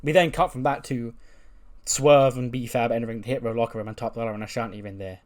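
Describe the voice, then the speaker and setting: A man's voice: mid-range voice, fast talker. A man casually retelling a wrestling storyline he booked, briefly voicing the characters as he goes. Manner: animated, briefly voices characters while recapping. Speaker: wrestling sim game streamer.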